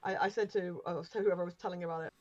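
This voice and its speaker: A woman's voice: fairly low pitch, steady tone, rapid-fire, darkish tone, muffled recording. A woman co-hosting a game stream, telling anecdotes in a chatty way with plenty of ums and laughing through her stories. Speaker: stream co-host. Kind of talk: casual storytelling chat.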